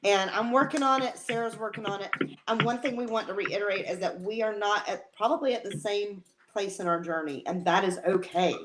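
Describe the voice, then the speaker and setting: Woman co-host, mid pitch, emotional and rambling, casual live chat, faint noise. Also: fairly quick, a bit bright.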